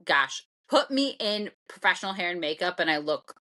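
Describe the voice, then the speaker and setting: A woman's voice: fairly low pitch, animated, moderate pace, pushed and bright. A woman from the co-hosting a podcast, talking bluntly and emphatically in casual chat and swearing freely. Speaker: podcast co-host.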